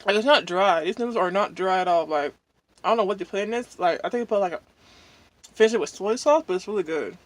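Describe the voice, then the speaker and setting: A woman's voice: medium pitch, quick pace, no echo. A woman vlogger chatting casually while eating, rambling and venting with lots of fillers and pleased hums between bites. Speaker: mukbang vlogger.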